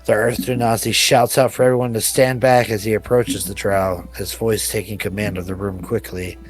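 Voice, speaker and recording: A man's voice: on the low side, flat delivery, moderate pace. A man narrating a tabletop game as game master, telling the scene with vivid description. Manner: descriptive storytelling, laughs between scenes.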